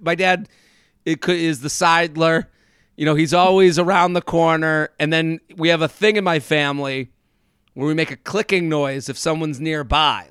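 A man co-hosting a podcast from home, telling animated stories and acting out the people in them. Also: fairly high pitch, clean tone, no echo, studio quality. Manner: animated storyteller, acts out quotes. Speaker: podcast co-host. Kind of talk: casual chat. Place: parents' pool house. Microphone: remote recording.

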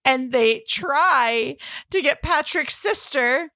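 A woman co-hosting a casual movie podcast, animated and acting out quoted lines. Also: high-pitched, slow pace, dry recording, studio quality. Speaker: podcast co-host. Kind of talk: casual chat about a movie.

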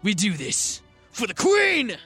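A man playing a blustering British army captain in improvised comedic role-play, shouting a bombastic rallying speech that wavers into self-doubt. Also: high voice, wildly swooping pitch, slow, breathy edge, soft background music, voice pushed up, exaggerated voice. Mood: boastful, rousing.

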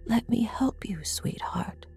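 A woman voicing a frightened elderly mother who speaks in a breathy, quavering half-whisper. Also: medium pitch, very slow, voice pushed up, exaggerated voice. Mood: fussing.

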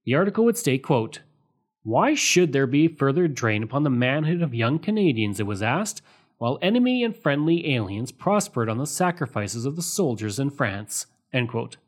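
A man hosting a history podcast, reading a scripted narration in a measured way and reading out sources marked with quote and end quote. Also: mid-range voice, sing-song.

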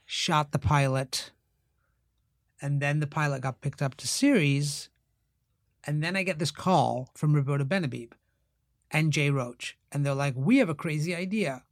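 A middle-aged man telling lively stories as a podcast guest, acting out the voices of people he quotes. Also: on the high side, unhurried, gravelly, pauses often, no room sound, studio quality. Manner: animated storyteller, acts out quoted voices. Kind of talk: casual storytelling interview.

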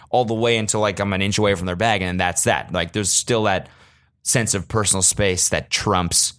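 A young man with a lowish voice rambles through a comedic story on his own podcast. He swears freely and talks loosely, then jumps way up in pitch when he acts out his own rants. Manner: animated, swings into loud high-pitched rants when quoting himself; profane, casual. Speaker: podcast host.

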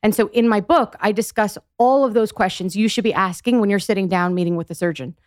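Woman in her forties, emphatic podcast guest, mid-pitched, dry close sound. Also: fast talker, dry recording. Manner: emphatic, explains step by step. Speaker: physical therapist guest. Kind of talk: podcast interview.

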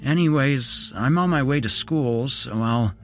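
A man's voice: mid-range voice, measured pace, faint music behind, voice pushed up, natural voice. A man voicing a frightened young schoolboy who talks nervously and pleads.

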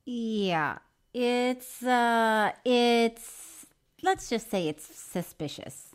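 A woman co-hosting a comedy podcast, chatting casually and reading listener mail aloud with a quick laugh. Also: fairly high pitch, expressive, clear, resonant tone. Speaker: podcast co-host.

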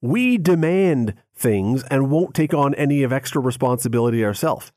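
A man's voice: mid-range voice, animated, moderate pace, a little mellow, no echo, clean studio sound. A man, a radio host, giving emphatic opinions in a casual on-air chat. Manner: opinionated, emphatic, mocks quoted complaints.

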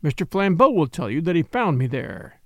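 A man voicing a coldly calm young woman. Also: fairly high pitch, moderate pace, no room sound, clean studio sound. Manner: calm, cold. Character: cold young woman typist, calm, cunning.

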